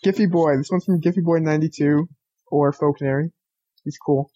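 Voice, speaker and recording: A man's voice: fairly high pitch, fairly even intonation, fairly quick, mellow, dull audio. A young man co-hosting a gaming podcast, jokey and laughing often while reading listener mail. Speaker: podcast co-host. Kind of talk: casual chat, reading listener emails.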